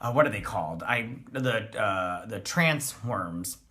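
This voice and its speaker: A man's voice: lowish voice, expressive, slow, sharp tone. A man hosting a TV episode review, recapping the plot in a blunt, dismissive way with lots of fillers and restarts. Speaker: TV episode reviewer, channel host.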